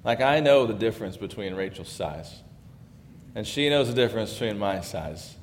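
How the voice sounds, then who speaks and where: A man preaching a sermon in a church sanctuary, talking conversationally and dropping to hushed tones when he reads scripture. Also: lowish voice, animated, moderate pace, long reverb tail, slight background noise. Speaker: pastor.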